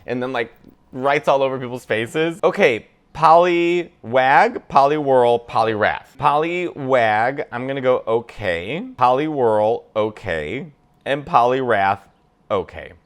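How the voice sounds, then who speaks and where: Animated man ranking with lively pitch. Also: takes it slowly, smooth. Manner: animated, jumps into squeaky character voices. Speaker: comedian ranking Pokémon. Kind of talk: casual chat.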